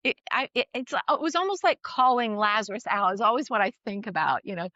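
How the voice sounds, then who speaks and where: A middle-aged woman tells a personal story in relaxed conversation, with a slightly high voice. She is animated and often restarts her sentences, with bits of laughter in between. The sound is dry and a little dull. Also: a little fast, hardly any pauses, no room sound. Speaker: guest sharing a parenting story.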